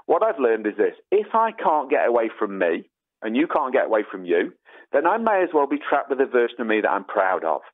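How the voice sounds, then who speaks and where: An English man, a guest expert, telling a story in an animated, emphatic way. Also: mid-range voice, fairly quick. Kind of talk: enthusiastic conversation. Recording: tinny phone-like line.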